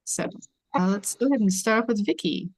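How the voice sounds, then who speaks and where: A woman's voice: medium pitch, brisk, darkish tone, dry recording. A woman from Washington state hosting an online table read over a video call, chatty and informal. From Washington state, USA.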